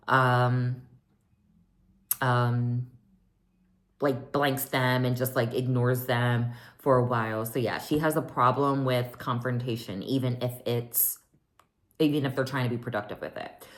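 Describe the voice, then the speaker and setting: A woman hosting a casual, gossipy recap of a reality show, with many ums and likes, getting animated when she quotes the cast. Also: rumbling low. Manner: gossipy, animated when quoting others, lots of um and like.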